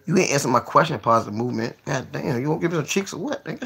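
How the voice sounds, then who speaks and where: A man hosting a casual livestream, talking to his viewers in a profane, excitable way that swings from low mumbling to sudden yelling. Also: a little fast, creaky, pauses often, husky. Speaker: livestream host.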